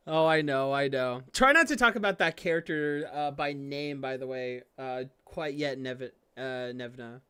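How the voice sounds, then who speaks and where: A streamer gives casual live commentary on an anime episode, rambling and gushing with many fillers, swearing freely and breaking into excited outbursts. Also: unhurried, clear, resonant tone, no echo. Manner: swings into excited high outbursts.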